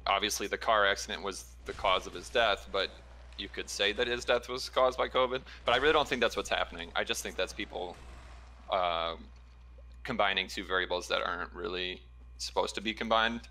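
Man, ER nurse on a call, rambling story with ums, deep-ish, bright timbre. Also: fairly quick. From Chicago area. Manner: relaxed storytelling with fillers and laughs. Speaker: ER trauma nurse, caller. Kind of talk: casual chat.

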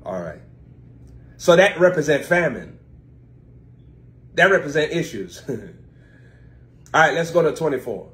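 A man preaching a live-streamed sermon. He reads scripture slowly and then explains it in informal, chatty asides to his viewers, with sudden swings in pitch and loudness. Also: very animated. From United States.

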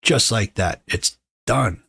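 A middle-aged man tells stories in a relaxed, joking way, his voice sitting low. The sound is close and dry, with no room echo, as if recorded at home. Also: slow pace, gravelly, husky. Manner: wry, joking, conversational. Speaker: podcast host. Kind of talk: casual storytelling monologue.

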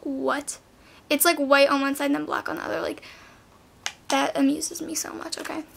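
Bubbly teen girl vlogger, high voice. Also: level tone, moderate pace, vocal fry, fairly bright tone. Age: teens. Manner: bubbly, says "like" and "literally" a lot. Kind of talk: casual haul vlog.

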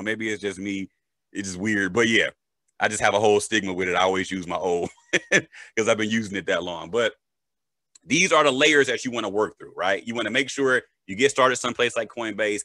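Bright-voiced joking crypto educator man. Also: lowish voice, dry recording. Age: adult, a parent. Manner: animated, joking, checks in with "right?" and "okay?". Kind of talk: casual explainer.

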